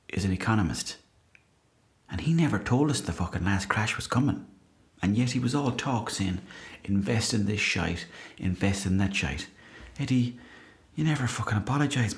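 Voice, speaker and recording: A low-pitched Irish man who hosts a comedy podcast. He reads listener messages with dry, deadpan timing, swears freely, and slips into mock outrage. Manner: deadpan, profane, mock-indignant. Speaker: podcast host. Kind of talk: comic monologue reading listener messages.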